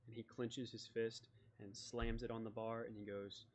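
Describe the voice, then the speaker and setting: A man narrating as game master, describing scenes in a calm, even way. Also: lowish voice, moderate pace, hardly any pauses, muffled recording.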